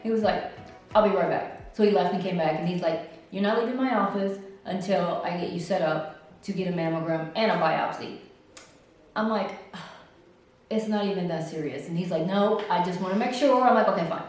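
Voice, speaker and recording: A woman telling her own story in a casual, animated way, often acting out what others said in a high voice. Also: fairly quick. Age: older. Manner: animated, acts out other people's lines in a high voice. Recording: roomy echo, distant from mic.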